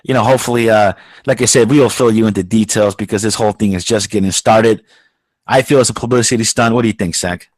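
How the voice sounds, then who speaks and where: A man's voice: fairly low pitch, fast talker. A blunt man co-hosting a podcast, swearing freely through a casual rant. He sounds a little aggressive without being angry, and the sound is dry and close with no room echo. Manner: blunt, profane, calls himself aggressive-sounding. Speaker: podcast co-host.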